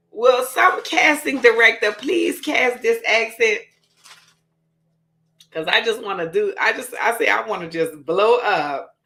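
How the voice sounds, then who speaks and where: A woman's voice: fairly high pitch, a little slow, bright, forceful tone. A woman with a New Orleans accent, hosting her own show and chatting casually to viewers while she cooks. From Louisiana. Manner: chatty, talks straight to viewers. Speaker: show host. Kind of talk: casual cooking chat.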